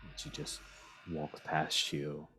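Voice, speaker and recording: A man's voice: extremely low pitch, very animated, takes it slowly, bright, forceful tone, a little hiss or hum. A man narrating as game master in a casual, rambling way.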